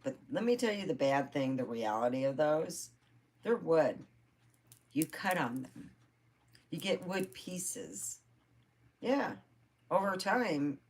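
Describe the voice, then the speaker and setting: Low-voiced woman telling rambling stories. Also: a little mellow. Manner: rambling, laughs often, swears casually. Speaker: vlogger. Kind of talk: casual storytelling.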